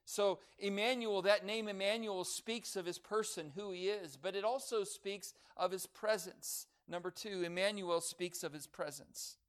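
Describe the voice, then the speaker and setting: Man, preacher, sermon, high voice, smooth and resonant, emphatic rises, soft endings. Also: measured pace, hardly any pauses. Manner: rising to loud emphatic declarations, dropping soft on key phrases.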